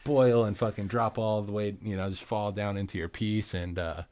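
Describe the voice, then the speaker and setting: Easygoing low-voiced man, dry sound. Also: fairly even intonation, moderate pace, a little mellow, dry recording. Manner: easygoing, explaining with lots of fillers. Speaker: glassblower guest. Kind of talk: casual chat.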